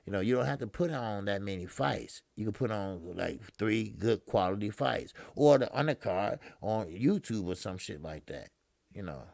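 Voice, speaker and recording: Man, gravelly, dry close sound, casual fight commentary, profane street talk. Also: on the low side, moderate pace, no echo. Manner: profane, loose street-talk, laughs at himself; loud excited blow-by-blow when action starts. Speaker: boxing commentator.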